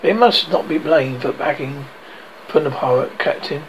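A man's voice: on the high side, normal speed, a little hiss or hum, rough recording. A man reading a children's novel aloud, often tripping over words and correcting himself. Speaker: reader.

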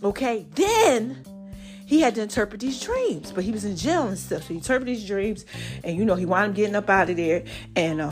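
A woman's voice: medium pitch, a little mellow. Woman preaching casual style, mid voice, faint music under it, keeps saying right?. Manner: chatty, keeps asking "right?". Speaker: podcast host. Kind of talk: casual sermon-style storytelling.

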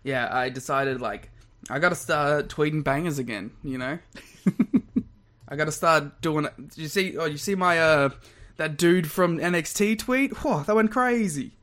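A man's voice: fairly high pitch, a little slow, fairly bright tone. A young man co-hosting a podcast in casual chat, rambling with restarts and laughing often. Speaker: podcast co-host.

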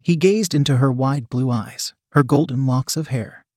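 A man reads an erotic story aloud in a plain, steady voice at a mid pitch. The recording is close and dry, with no room sound around him. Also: moderate pace, no room sound. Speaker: narrator.

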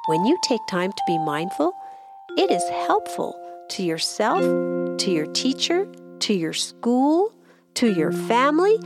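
A woman leading a gentle mindfulness lesson for children, asking soothing questions in a sing-song way. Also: fairly high pitch, wildly swooping pitch, a little slow, loud music behind the voice. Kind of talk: guided mindfulness lesson for kids.

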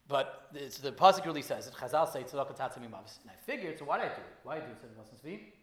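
A man's voice: mid-range voice, animated, rapid-fire, hardly any pauses, roomy sound. A man giving a Torah class, telling stories in a loose, conversational way with many restarts and repeated words. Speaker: Torah teacher.

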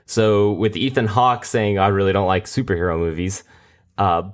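A man co-hosting a casual podcast, speaking haltingly with frequent restarts. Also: low-pitched, steady tone. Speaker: podcast co-host. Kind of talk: casual chat.

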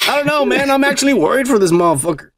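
A man with a high voice and a gravelly, fry-heavy edge. He co-hosts a podcast and keeps up a profane, laughing riff on the news. He is drinking as he talks. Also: lively intonation, very fast, noisy background. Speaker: podcast co-host. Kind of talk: crude casual chat.

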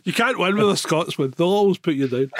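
A Scottish man co-hosting a casual chat, an animated storyteller who swears freely and acts out other people. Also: high-pitched, fast talker, a crowd in the background. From Scotland. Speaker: podcast co-host.

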